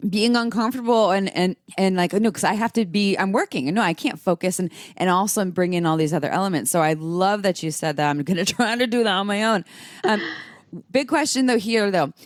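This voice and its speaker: A woman hosting a casual podcast, chatty and self-deprecating, quick to laugh. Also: mid-range voice, dry recording, clean studio sound. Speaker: podcast host.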